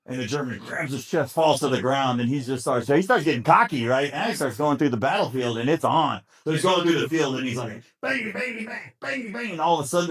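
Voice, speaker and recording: A man at a family gathering telling a long joke, acting out the characters with lively sound effects. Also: medium pitch. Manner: animated storyteller acting out characters. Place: outdoors at a family reunion.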